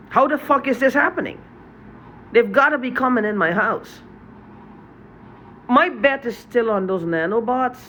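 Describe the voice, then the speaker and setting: A man's voice: high-pitched, fairly bright tone, slight background noise. A tired man in an unscripted vlog monologue, talking in an agitated, profane way and often repeating and restarting his phrases. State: tired from lack of sleep. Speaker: vlogger.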